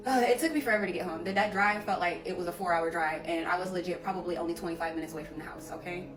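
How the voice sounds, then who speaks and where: A woman's voice: mid-range voice, fairly even intonation, fast talker. Candid woman telling a personal story. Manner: emotional, candid, acts out quoted dialogue. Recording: roomy echo with loud music behind.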